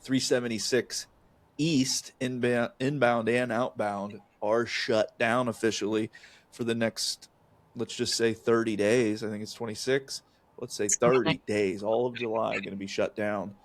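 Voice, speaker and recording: A man's voice: fairly low pitch, steady tone, measured pace. A man co-hosting a casual podcast chat, talking in a rambling, folksy way with lots of fillers and restarts. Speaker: co-host, real estate agent.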